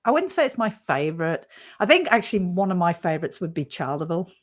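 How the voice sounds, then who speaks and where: Woman livestream host, lower voice, chatty and quick to laugh. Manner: chatty, laughs often, animated storytelling. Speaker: paranormal channel host. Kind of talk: casual livestream chat.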